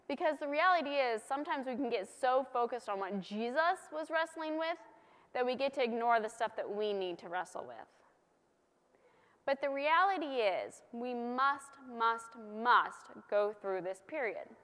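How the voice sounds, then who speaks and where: A woman preaches in an easy, conversational way, slipping into jokey asides and then pressing hard on her points with repeated words. Her voice sits a little high, and it rings through a church with a long, lingering reverb. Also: animated, normal speed, fairly bright tone. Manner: conversational, playful, emphatic repetition. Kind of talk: sermon.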